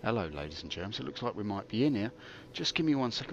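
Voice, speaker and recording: A man streaming a game, telling theatrical, jokey stories with big swings in pitch. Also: big pitch swings, fast talker, gravelly, muffled recording, slight background noise. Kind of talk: rambling live-stream commentary.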